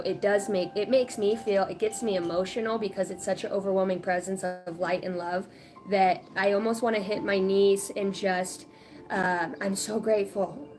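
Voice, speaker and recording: A woman in her late thirties chatting casually on a spiritual livestream, rambling and animated, often laughing. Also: medium pitch. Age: 30s. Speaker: spiritual reader.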